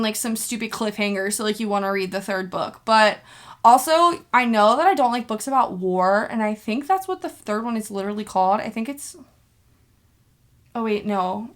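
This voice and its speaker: A young woman with a fairly high, bright voice chats her way through a casual book vlog. She's a book vlogger reacting to her reading, bubbly and rambling, with lots of fillers and laughter.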